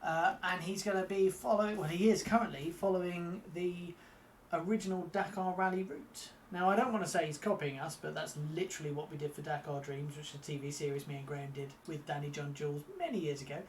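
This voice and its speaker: A man's voice: fairly high pitch, little pitch movement, fast, a little hiss or hum. A man co-hosting a live stream in a casual, chatty way, self-mocking and stumbling over his reading. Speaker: co-host of a motorbike live stream.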